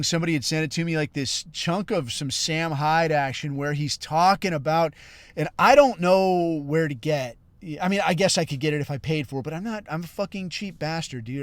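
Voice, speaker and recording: A man's voice: fairly high pitch, clean tone, no room sound. A middle-aged man hosting a podcast, ranting casually with heavy swearing and a constant "dude" and "bro.". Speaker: podcast host. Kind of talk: casual profane rant.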